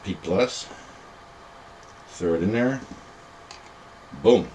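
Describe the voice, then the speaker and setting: A man's voice: on the low side, drawn-out words, mellow, a little hiss or hum. A middle-aged man hosting a podcast in casual, rambling, self-mocking chat. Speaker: podcast host.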